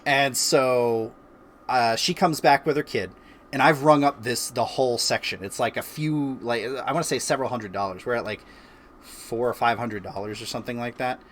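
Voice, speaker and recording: A man of average pitch tells a story in a relaxed, easygoing way, full of filler words and quick laughs. He hosts a casual chat with friends from his home by the fireplace. A faint hiss sits under his voice. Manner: laid-back, laughs often, lots of filler words. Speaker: streamer and host.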